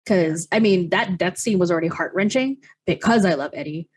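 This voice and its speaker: Young woman, podcast host, husky voice, animated, casual chat. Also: lowish voice, brisk. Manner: animated, swearing, acts out quoted lines.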